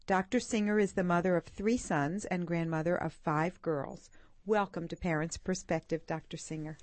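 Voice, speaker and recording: A woman co-hosting a talk show, reading a guest introduction in a measured, formal manner. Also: fairly low pitch, steady tone, a little mellow, no echo. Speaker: radio show co-host. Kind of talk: scripted introduction.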